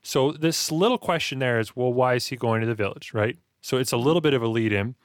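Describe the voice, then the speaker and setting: A man co-hosting a casual talk about writing, animated and acting out reactions in quick quoted asides. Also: medium pitch, dry recording, studio quality. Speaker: podcast co-host discussing writing. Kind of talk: casual chat.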